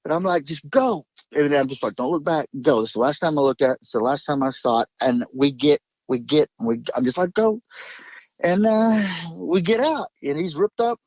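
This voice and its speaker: A man's voice: on the high side, lively intonation, fairly quick, few pauses, a little mellow, no room sound, lo-fi sound. A man telling his story in a rambling, emphatic way, swearing and jumping between thoughts. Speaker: guest recounting an encounter.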